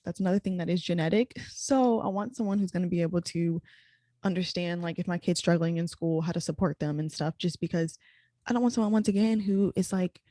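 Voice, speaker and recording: A young woman hosting a podcast, chatting casually and quickly with lots of "like" fillers. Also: fairly low pitch, warm tone, no room sound. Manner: rapid, chatty, full of "like" fillers. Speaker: podcast host. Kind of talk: casual chat.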